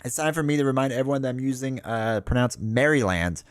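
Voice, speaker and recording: A man talks loosely and casually to his stream chat, drifting from one story to the next with frequent laughs. His voice sits at an everyday middle pitch, with soft music playing faintly behind him. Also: animated, quick pace, no room sound. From United States. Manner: rambling, chatty, laughs often. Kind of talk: casual livestream chat with viewers.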